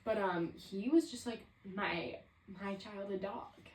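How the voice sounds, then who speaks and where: A woman's voice: medium pitch, takes it slowly, recorded from a distance. Rambling young woman in an echoey room. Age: 20s. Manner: reflective, rambling, heavy use of "like". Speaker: podcast host. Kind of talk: casual solo podcast monologue.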